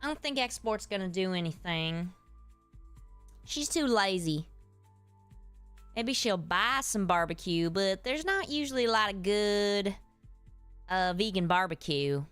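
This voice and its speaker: A woman performs an easygoing Southern streamer, chatting with her "y'all" viewers as she plays. She speaks at a medium pitch, animated but a little slow with frequent pauses, in a clear, resonant, slightly bright tone; the recording is dry, with faint music in the background.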